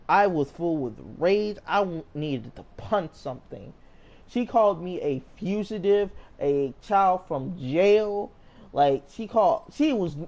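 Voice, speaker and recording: A man's voice: fairly high pitch, a little mellow. A man telling a story in a casual storytime monologue. He rambles with energy and keeps restarting his sentences. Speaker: storyteller vlogger.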